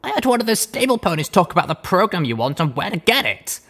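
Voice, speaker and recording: A man's voice: high-pitched, big pitch swings, fast, fairly bright tone, pitched above the performer's own voice, heavily acted. A man reading an audiobook, voicing a tough young female pony heroine who speaks in a level, wry way. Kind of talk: audiobook character voice.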